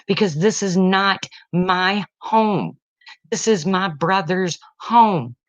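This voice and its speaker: A woman's voice: medium pitch, takes it slowly, no room sound. A middle-aged woman venting about her family in an emotional personal rant, blunt and heated, tearful at times. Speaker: parent venting online. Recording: dull lo-fi sound, dry.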